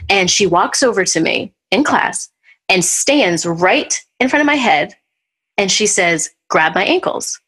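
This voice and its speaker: Woman host, spirited storyteller, casual chat, mid pitch. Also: unhurried, breathy edge. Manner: animated storyteller, acts out what people said. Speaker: podcast host.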